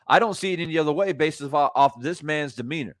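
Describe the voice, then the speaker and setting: A man's voice: fairly high pitch, quick pace, dry recording, studio quality. A man giving live reaction commentary on boxing, heated, profane and incredulous.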